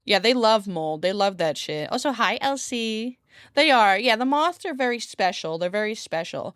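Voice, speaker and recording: A woman's voice: medium pitch, expressive, normal speed, a bit bright, no echo. Woman streamer rambling to chat at home, laughs a lot, dry close mic. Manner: rambling, chatty, laughs often, swears casually. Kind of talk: casual chat with stream viewers. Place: room at home by a window. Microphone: desk streaming mic.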